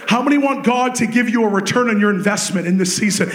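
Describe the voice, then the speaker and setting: A man preaching a sermon, telling a story with animated swings between excited shouting and hushed intensity. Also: sits high, quick pace, echoey room.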